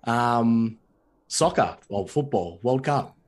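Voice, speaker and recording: Brief: man, mid-pitched, relaxed host who asks short questions. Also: takes it slowly. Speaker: podcast host. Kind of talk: casual interview chat.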